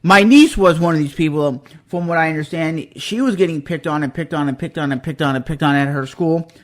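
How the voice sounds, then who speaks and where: A man's voice: on the high side, brisk. A young adult man hosting a podcast, telling a story in a casual, heated and emphatic way, acting out the quotes. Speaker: podcast host.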